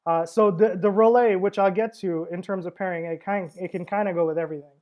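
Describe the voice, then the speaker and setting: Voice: medium pitch, fairly even intonation, quick pace, darkish tone. A wine seller hosting a casual livestream tasting, talking in a chatty, rambling way with frequent fillers and laughs.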